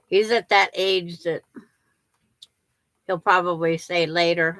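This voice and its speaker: Older woman, livestream host, chatty and rambling; slow pace, somewhat low pitch. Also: steady tone, a bit bright, no echo. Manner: chatty, rambling, restarts sentences. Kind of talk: casual livestream chat with viewers.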